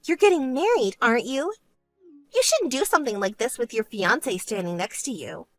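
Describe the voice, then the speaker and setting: A woman voicing a vain, self-centered young woman who talks in a smug, whiny way and turns shrill when angry, in an animated story. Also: moderate pace, soft background music. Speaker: bride-to-be sister.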